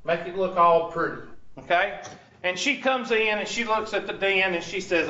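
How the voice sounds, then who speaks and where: Guy teaching a classroom, high bright voice, keeps asking the class stuff, roomy dull recording. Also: moderate pace. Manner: asks the class questions and repeats their answers; chatty, talks to himself over tech trouble. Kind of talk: classroom lecture.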